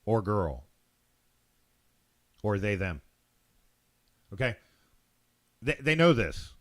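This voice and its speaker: A man's voice: fairly low pitch, big pitch swings, extremely slow, a bit bright. A man hosting his own show, ranting opinions in a blunt, profane monologue, stumbling and repeating words. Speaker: show host.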